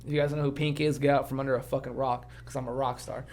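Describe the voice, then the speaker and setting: A man's voice: mid-range voice, quick pace. A man co-hosting a podcast in casual, profane, ranting chat. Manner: animated, swearing, ranting. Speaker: podcast co-host.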